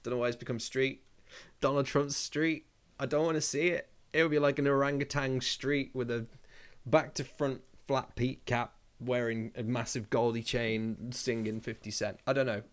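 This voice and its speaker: A man chatting on his live stream in a loose, rambling way, reading viewer comments and firing off jokes. He swears freely and goes off on tangents, with a middle-pitched voice. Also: fairly even intonation, moderate pace.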